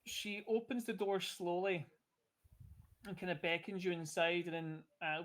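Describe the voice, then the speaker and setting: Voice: medium pitch, a little slow, a bit bright. A game master narrating a tabletop game in a loose, chatty way with many restarts.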